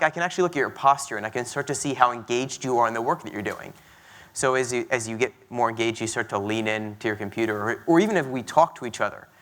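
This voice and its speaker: A man giving a conference talk, explaining his research in a quick, animated way with fillers and restarts. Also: mid-range voice. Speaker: conference speaker. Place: conference stage.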